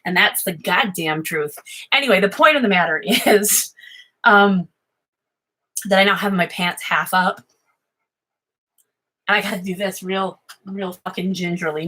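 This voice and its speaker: An American woman chatting at home in a rambling, self-interrupting way, admittedly high, swearing freely. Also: measured pace, pauses often, pushed and bright, rough recording. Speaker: vlogger. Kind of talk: rambling casual livestream chat. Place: home office.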